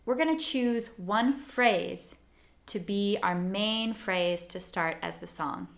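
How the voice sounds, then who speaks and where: A woman with a slow, creaky, mid-range voice gives a patient, encouraging songwriting lesson, taking learners through it gently step by step. She sings short phrases to demonstrate a melody.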